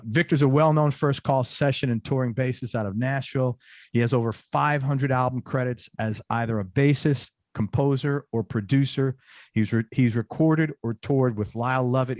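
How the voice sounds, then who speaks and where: A man's voice: medium pitch, normal speed, darkish tone, dry recording, studio quality. A man hosting an interview show, chatting loosely with asides and restarts as he introduces his guest. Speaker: podcast host. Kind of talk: casual interview chat.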